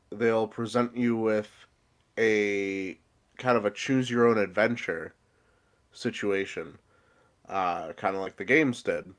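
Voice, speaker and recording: A congested man hosting a casual podcast, explaining at length as he recaps the episode. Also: lowish voice. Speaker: podcast host.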